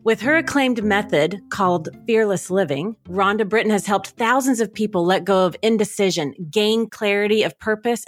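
A woman hosting an interview, introducing her guest with upbeat enthusiasm. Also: medium pitch. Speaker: podcast host.

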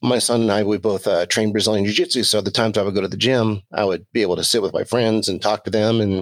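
A man's voice: lowish voice, fairly even intonation, quick pace, dry recording. A man speaking as a podcast guest, candid and plainspoken in casual conversation.

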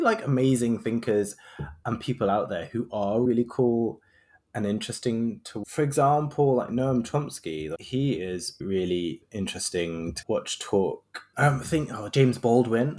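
Man, thirties, podcast host, sarcastic, rambling, very animated pitch. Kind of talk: casual podcast commentary.

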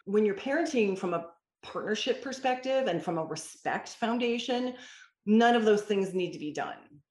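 A woman's voice: medium pitch, lively intonation, moderate pace, a little mellow. A woman who mentors parents, answering interview questions in an emphatic, storytelling way. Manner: emphatic, storytelling with quoted dialogue. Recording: roomy echo.

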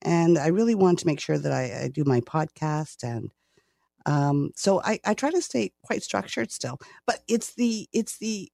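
A woman in her sixties with a Canadian accent talks in a chatty, self-deprecating way, laughing often. Her voice has a gravelly edge. The recording is dry and close. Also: on the low side, mellow, no echo. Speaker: guest. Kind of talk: casual interview chat.

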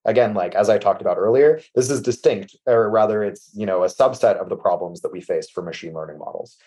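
A man's voice: fairly low pitch, a little fast. A man guest on a tech podcast, explaining machine learning practice in a casual, filler-heavy way over a remote call. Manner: casual, many fillers like "like" and "you know", trails off softly at sentence ends. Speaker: MLOps architect guest. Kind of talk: conversational technical explanation.

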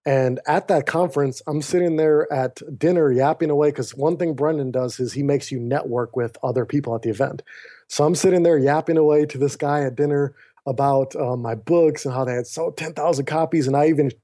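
A man's voice: a little high, a little fast. A man guesting on a podcast, earnestly recounting a personal story and acting out the dialogue over a remote call. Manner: earnest, animated retelling with quoted dialogue. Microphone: remote call mic.

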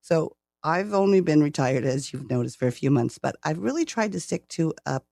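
A woman's voice: sits low, expressive, normal speed, vocal fry, mellow, dry recording. A woman in her sixties from Canada, a retired interview guest who talks casually, laughs often and repeats words as she starts her sentences. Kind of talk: casual conversation.

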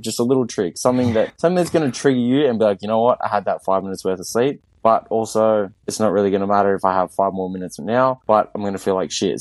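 A man's voice: on the low side, darkish tone, no room sound. A man who works as a fitness coach, talking bluntly and swearing often in a casual chat, acting out what he and his clients say. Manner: blunt, swears a lot, acts out quotes.

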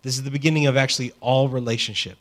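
Male pastor, casual and animated, mid-pitched, preaching a sermon. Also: rapid-fire. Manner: conversational, animated preaching with asides.

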